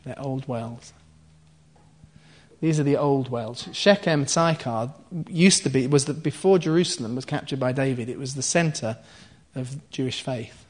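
A preacher with a mid-range voice delivers conversational Bible teaching at a moderate pace with few pauses. He goes through a scripture passage line by line, pausing to explain, check in with listeners, and add asides and soft laughs.

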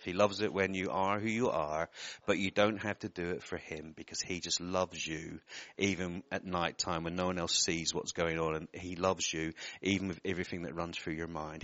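A man's voice: low-pitched, pushed and bright, no room sound, lo-fi sound. A man preaching a sermon, giving earnest personal words to people in the congregation and often breaking off with apologetic asides.

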